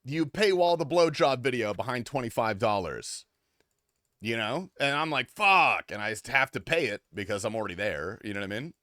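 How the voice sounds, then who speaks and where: Swearing freely in a crude, offhand way, a male gamer talks casually with his stream viewers. He sounds expressive and brisk, with a medium-pitched, slightly bright voice captured in clean studio sound with no room echo.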